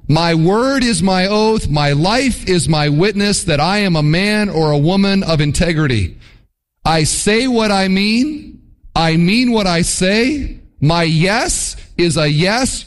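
Animated man preaching. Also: high-pitched. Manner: animated, mock voices for illustrations. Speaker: pastor. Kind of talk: sermon.

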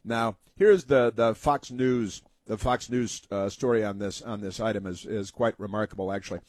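A man hosting a talk radio show, giving sarcastic, halting opinion commentary with frequent restarts. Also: lowish voice, a little mellow, no room sound.

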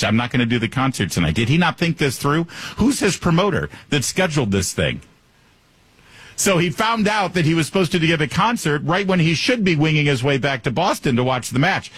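A man's voice: mid-range voice, fairly bright tone, breathy edge, no room sound. A male talk radio host delivering a sarcastic, joking monologue into a studio microphone.

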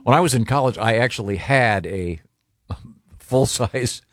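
A man's voice: medium pitch, a little slow, dry recording, clean studio sound. A man co-hosting a casual show, wry and joking as he tells stories. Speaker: co-host. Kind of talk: casual banter.

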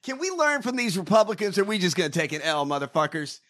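A man's voice: high voice, sing-song, quick pace, a bit bright. A man hosting a podcast, ranting profanely in fired-up casual chat. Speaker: podcast host.

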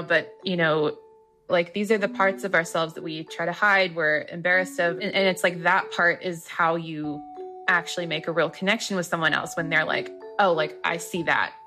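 Bright-voiced chatty woman, low pitch. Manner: chatty, peppered with "like". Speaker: guest author. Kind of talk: casual interview chat.

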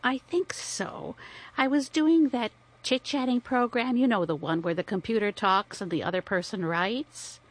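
A woman's voice: on the high side, normal speed, natural voice. An actress playing a chatty elderly widow in a radio drama, fussy and muddling her tech words. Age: older.

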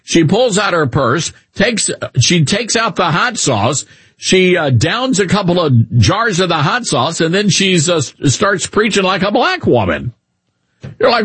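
A man hosting a talk radio show, giving animated, mocking opinions and chatting with a co-host. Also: sits high, measured pace, breathy edge, no room sound.

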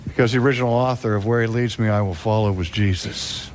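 A man's voice: fairly even intonation, a little fast, hardly any pauses, a little hiss or hum. A middle-aged man preaching a sermon, dramatic, acting out the voices he quotes. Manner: dramatic, acts out quoted voices with wide pitch swings.

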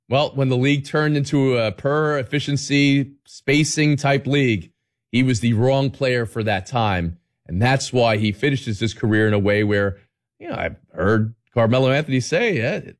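A man hosting a sports radio talk show, bantering playfully with his crew. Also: mid-range voice. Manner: animated, playful, sing-song tongue twisters.

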